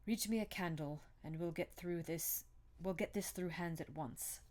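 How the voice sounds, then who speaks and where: A woman's voice: lowish voice, normal speed, a little mellow, natural voice. A woman reading aloud as a frightened old male butler who speaks in a harsh, broken, urgent way. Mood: anxious, urgent.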